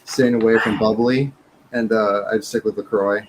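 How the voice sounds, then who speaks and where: A man chatting on a livestream in a jokey, animated way, telling stories and cracking jokes. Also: fairly low pitch, moderate pace, background noise. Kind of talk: casual livestream chat.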